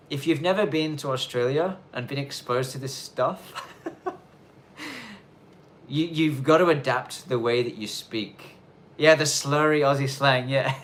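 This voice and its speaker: A man's voice: mid-range voice, lively intonation, normal speed, fairly bright tone. Casual rambling man on a livestream. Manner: loose, rambling, many fillers. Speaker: livestream host. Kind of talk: casual live Q&A chat. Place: snowy countryside in Japan.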